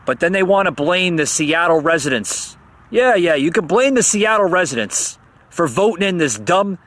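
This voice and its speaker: His voice is on the high side and a bit bright as he hosts a podcast and rails against politics. Worked up, he trips over his words and repeats himself, punctuated by mocking sarcastic bursts.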